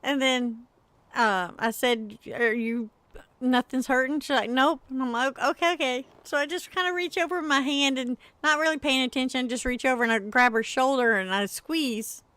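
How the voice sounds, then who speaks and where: A woman's voice: sits high, normal speed, fairly bright tone, no room sound. A middle-aged woman, chatting casually with viewers on a gaming livestream and laughing often as she tells a story.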